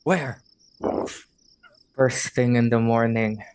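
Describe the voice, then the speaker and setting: A player voicing a gruff, grumbling adventurer in an online tabletop game, bewildered and complaining. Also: medium pitch, fairly even intonation, slow, darkish tone, dry recording.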